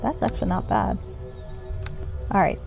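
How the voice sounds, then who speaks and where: A woman's voice: mid-range voice, moderate pace, vocal fry, a little mellow, faint music behind. A woman streamer giving casual, wry commentary while playing a game, thinking aloud. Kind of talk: casual let's-play commentary.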